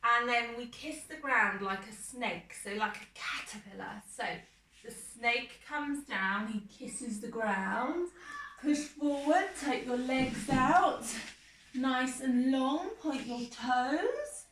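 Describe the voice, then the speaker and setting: Woman, children's yoga teacher, slow and gentle, high voice, recorded off-mic in an echoey room. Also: animated, distant mic, slight background noise. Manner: soft, encouraging step-by-step instructions. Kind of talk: guided kids' yoga class.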